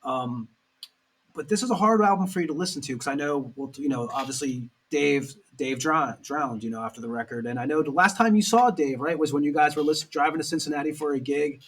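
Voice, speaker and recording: A man's voice: a little high, fairly quick, recorded from a distance, slight background noise. A man hosting a podcast, asking rambling questions full of fillers. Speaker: podcast host. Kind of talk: casual interview.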